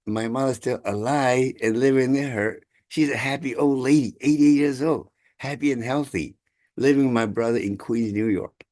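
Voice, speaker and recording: A man, telling a family story over a video call in halting, chuckling speech. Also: mid-range voice, steady tone, a little mellow, no echo, studio quality. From Taiwan. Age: 60s. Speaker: congregation member sharing gratitude. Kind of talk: casual storytelling.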